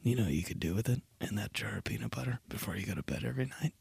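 A man's voice: on the low side, rapid-fire, gravelly, breathy edge, no echo, voice pushed down, exaggerated voice. A man whispering as a sly shoulder devil, whispered role-play. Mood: coaxing. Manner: coaxing, hushed and sly.

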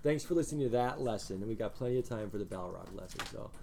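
A man teaching a class, talking to his students in an earnest, animated way. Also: lowish voice, fast, vocal fry, slight background noise. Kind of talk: classroom lecture.

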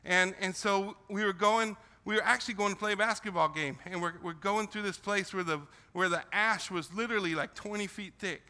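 An older man, raised in the Philippines, shares his missionary story with students in an earnest, repetitive way, often circling back over his words. His voice sits high and sounds very bright and forceful. The sound carries a long reverb from a large hall. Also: brisk, hardly any pauses. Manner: emotional, repetitive storytelling with restarts. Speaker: missionary speaker. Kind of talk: testimony talk to students.

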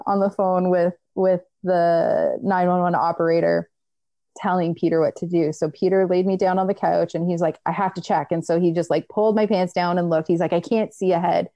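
A young woman telling a personal story in casual chat, animated, acting out what others said, with many filler "likes". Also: lowish voice, dry recording.

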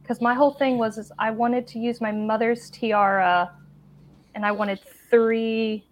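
A woman playing in a tabletop game over an online call, describing her ideas haltingly and searching for words. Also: a little high, steady tone. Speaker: player. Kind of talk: casual tabletop play.

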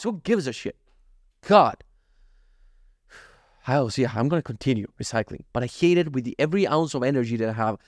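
A man rattles through a casual solo podcast rant at a rapid clip. His voice sits fairly high for a man, and he swears freely and keeps calling the listener "dude". The sound is close and dry, with no room around it. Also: dry recording. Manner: profane, exasperated, says dude a lot. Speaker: podcast host.

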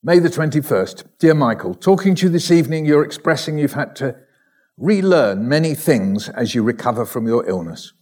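A man reading letters aloud from a hospital diary, in a measured way, adding wry asides and the odd soft laugh. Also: a little high, animated. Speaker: recovered patient reading his ICU diary.

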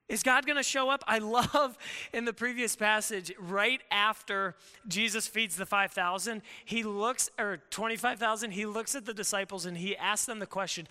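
A man preaching a sermon in a casual, animated way, often acting out quoted voices. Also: extremely high pitch, normal speed, clear, resonant tone. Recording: long hall reverb.

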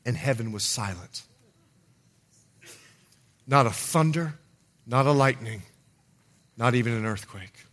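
A man preaching a sermon as pastor, swinging from loud calls to hushed low lines. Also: expressive, slow pace, long pauses. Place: church.

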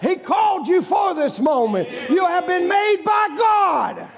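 A man preaching a fiery sermon, shouting emphatically and hammering home repeated rhetorical questions. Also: extremely high pitch, expressive, unhurried, a faint crowd.

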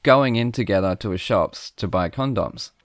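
A man, telling a story in casual chat, animated and self-mocking, laughing often. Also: fairly low pitch, normal speed, no room sound, studio quality. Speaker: podcast guest.

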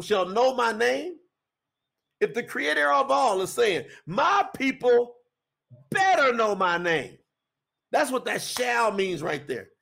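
Gravelly high-voiced man teaching scripture. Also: fairly bright tone. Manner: conversational, emphatic, repeats phrases. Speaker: podcast preacher.

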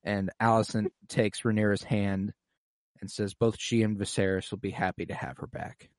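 A man's voice: lowish voice, flat delivery, normal speed, no echo, studio quality. A man in casual podcast chat, recapping an episode with feeling, swearing freely and saying "like" often.

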